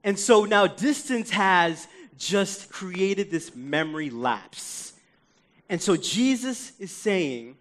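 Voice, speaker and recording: A young man preaching a sermon as pastor, talking to the congregation in a conversational, animated way and sometimes dropping to soft pleading. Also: sits high, slow.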